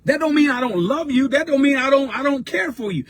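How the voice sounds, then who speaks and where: In a dry recording, a mentor with a very high, expressive voice delivers a brisk, preaching-style pep talk. He exhorts fervently and colloquially, circling back to the same points repeatedly.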